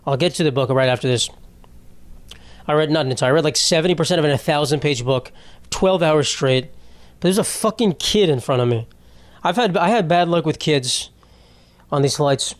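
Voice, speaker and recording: A man hosting a comedy podcast in a somewhat high voice, rambling through profane stories and laughing at his own jokes. The sound is close and dry. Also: moderate pace, long pauses, no echo. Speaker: podcast host.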